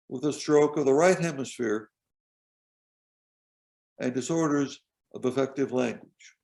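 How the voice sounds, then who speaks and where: This professor's voice sits on the high side, gravelly and slightly creaky with a touch of mellowness. Lecturing over a video call, he talks in a measured, explanatory manner, stopping to point out things on his slides.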